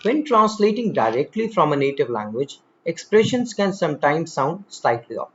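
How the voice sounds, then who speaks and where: A man teaching a spoken English lesson, slow and deliberate, exaggerating the stress on example words. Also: fairly high pitch, expressive, dull audio.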